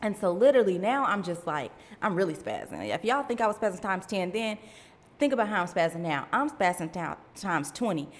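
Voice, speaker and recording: A woman's voice: on the low side, very animated, brisk, long reverb tail. A woman in her thirties hosting a faith podcast, telling a personal story in a chatty way, talking straight to her listeners and laughing at herself. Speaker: podcast host.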